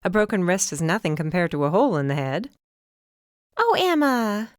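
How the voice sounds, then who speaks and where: A young woman narrates a first-person novel in a wry, conversational tone. Her voice sits a little low and sounds smooth and crisp. The recording is dry and close. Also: expressive, quick pace, a little mellow, dry recording. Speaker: audiobook narrator.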